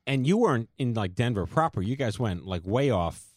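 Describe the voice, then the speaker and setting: A man hosting a casual podcast chat, rambling and halting with many fillers. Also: mid-range voice, very animated, no room sound, studio quality. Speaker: podcast host, co-founder of the organization.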